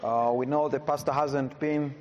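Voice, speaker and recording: A woman preaching a sermon phrase by phrase, reading scripture slowly and emphatically and pausing for her interpreter. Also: a bass voice, steady tone, darkish tone, dull audio, a little hiss or hum. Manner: slow, emphatic scripture reading with pauses for translation. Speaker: visiting preacher. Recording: reverberant hall.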